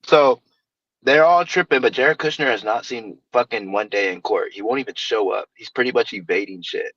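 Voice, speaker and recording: A man's voice: medium pitch, fairly bright tone, slightly rough, no echo. Slangy cussing guy hosting a stream, dry dull lo-fi mic, keeps repeating himself. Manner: slangy, profane, talks fast and repeats himself. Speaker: livestream panel host. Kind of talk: casual chat.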